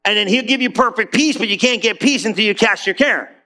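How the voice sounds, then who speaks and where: A man preaching an energetic sermon, conversational and full of slang, acting out quick voices, swinging between loud bursts and low drawn-out lines, and asking the congregation questions. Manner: casual slang, asks the room questions. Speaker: pastor.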